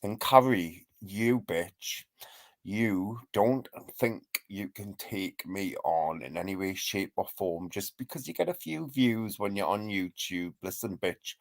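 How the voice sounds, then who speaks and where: A deep, gravelly man sneers his way through a live stream rant, slow and drawn out, dealing insults with a laugh. The sound is dry and close, with no room around it. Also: no echo. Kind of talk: mocking gossip rant.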